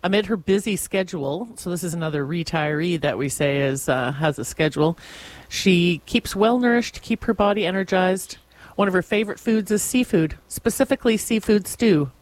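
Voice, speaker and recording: A woman co-hosting a radio show, relaxed, summarizing a story with plenty of fillers and soft hums. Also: lowish voice, normal speed, dry recording. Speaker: radio co-host. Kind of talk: casual radio chat. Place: radio studio. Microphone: studio microphone.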